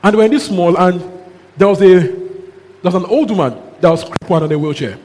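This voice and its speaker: High-voiced preacher in a reverberant hall. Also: male voice. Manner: animated storyteller who chuckles and mixes in local exclamations. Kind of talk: sermon with lively storytelling. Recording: long hall reverb, faint background noise.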